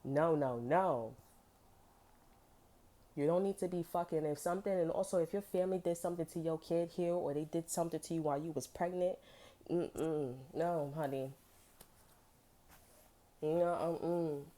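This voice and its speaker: A woman's voice: deep voice, normal speed, long pauses, dark tone. A woman giving a casual tarot reading, blunt and profane, full of emphatic slang. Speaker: tarot reader.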